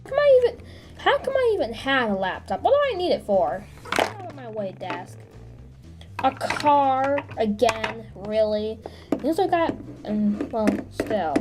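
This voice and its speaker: A young vampire princess, defiant and indignant, speaks in a high, lively voice that leaps around as she exclaims, voiced by a woman. The toy figure drama plays over background music. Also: unhurried. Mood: grumbling.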